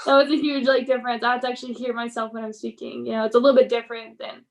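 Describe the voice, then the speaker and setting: A woman pro wrestler in a casual interview, telling stories in an animated way, acting out quotes and laughing often. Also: on the high side, rapid-fire.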